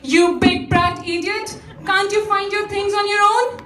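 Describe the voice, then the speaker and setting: A woman acting a fed-up middle-aged mother on stage, talking in a sharp, mocking way. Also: high voice, animated, unhurried, crowd noise. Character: fed-up middle-aged mother turning the tables on her family. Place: theatre stage. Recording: echoey hall from far off.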